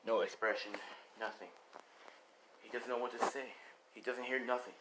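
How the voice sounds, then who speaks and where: A man's voice: medium pitch, steady tone, normal speed, very noisy. A man casually improvising a fan story, rambling with many fillers and sighs.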